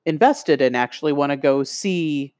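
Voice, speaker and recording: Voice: medium pitch, animated, normal speed, darkish tone, smooth, no room sound, studio quality. A podcast co-host chatting casually, who hesitates and searches for words. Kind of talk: casual chat.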